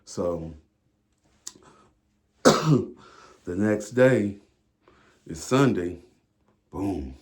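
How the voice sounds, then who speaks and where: Low mellow-voiced dude rambling thru a storytime, slangy and cussing a lot. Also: male voice, animated, extremely slow, long pauses, a little hiss or hum. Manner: slangy, profane, rambling with fillers. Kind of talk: casual storytime monologue.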